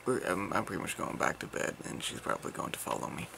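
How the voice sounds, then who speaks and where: A young man vlogging at home while feeling unwell, teasing in a deadpan way. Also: low voice, quick pace, gravelly, a little hiss or hum. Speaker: family vlogger. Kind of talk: casual chat.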